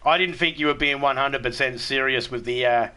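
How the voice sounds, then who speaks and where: Blunt, bright-voiced Australian man streaming. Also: mid-range voice, a little fast, clean tone. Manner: blunt and frank, swears freely, laughs at his own jokes. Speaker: live streamer reading chat. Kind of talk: casual live-stream chat while gaming.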